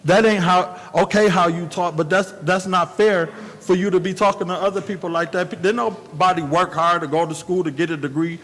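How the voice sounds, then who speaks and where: Man, council member, emphatic, plainspoken, slightly high voice, long echo of a council chamber. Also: steady tone, a little fast, hardly any pauses, a bit bright. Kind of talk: formal meeting remarks.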